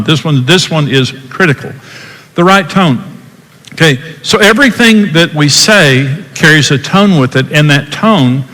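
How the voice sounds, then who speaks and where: A man's voice: a little high, a bit bright, long reverb tail, poor audio. An older man giving a folksy teaching talk on marriage, repeating himself and acting out different tones of voice.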